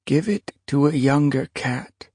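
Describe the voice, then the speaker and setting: A man's voice: mid-range voice, animated, measured pace, breathy edge, no room sound, studio quality, pitched above the performer's own voice. A man voicing a frail, selfless she-cat. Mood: protesting. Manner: gently protesting.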